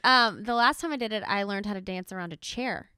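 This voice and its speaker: A woman from Texas hosting a podcast, asking questions in a lively, giggly, teasing way. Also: mid-range voice, fairly quick, clear, resonant tone, dry recording, clean studio sound. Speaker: podcast host. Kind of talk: casual interview chat.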